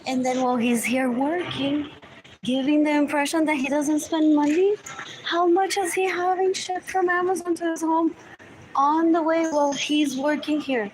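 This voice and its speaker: Her voice sits high and steady at a normal speed, with background noise behind her as she livestreams. The woman rambles on, muttering, repeating herself and switching between Spanish and English.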